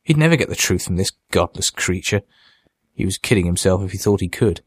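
In a low, steady, husky voice, a man reads a horror story aloud with measured drama. It's a scripted audiobook narration, recorded close and dry without any room echo.

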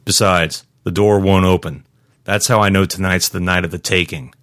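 A man voicing a lackadaisical, grim security chief in a storybook reading, speaking flatly and matter-of-factly. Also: deep voice, normal speed, no room sound, clean studio sound. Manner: flat, matter-of-fact. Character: laid-back middle-aged male security chief, grim and knowing.

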